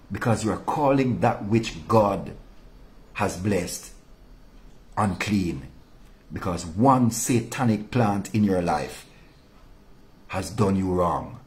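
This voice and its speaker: A male pastor delivering an impassioned, rebuking sermon, dropping low and soft to drive points home. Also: animated, slow, long pauses.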